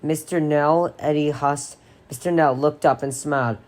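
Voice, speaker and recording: A woman with a notably low voice reads a horror novel aloud. Her delivery is steady and expressive, like a careful audiobook reader. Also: moderate pace. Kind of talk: dramatic reading of a novel.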